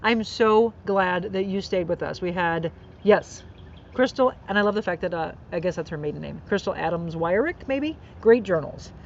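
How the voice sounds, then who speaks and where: A woman with a somewhat low, creaky voice hosts a live inspirational podcast outdoors, speaking at a moderate pace with lively intonation. Her message on faith and kindness is earnest and encouraging, though the audio sounds dull, with birds and faint outdoor noise behind her.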